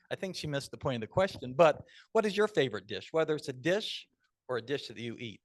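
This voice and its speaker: A man's voice: mid-range voice, animated, quick pace, no room sound. Dry, chatty man hosting a club meeting. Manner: chatty, upbeat, storytelling asides. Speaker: table topics master.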